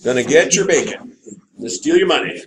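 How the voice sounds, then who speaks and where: A man's voice: fairly high pitch, a little fast, a crowd in the background, rough recording. A man teaching a math class, working through graphs aloud and checking in with students. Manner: animated, asks the class for checks. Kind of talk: classroom lecture.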